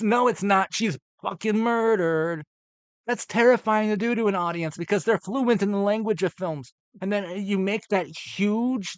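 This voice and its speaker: A man's voice: fairly high pitch, no room sound. A man reacting to a horror movie ranking list, ranting with profane, exasperated sarcasm.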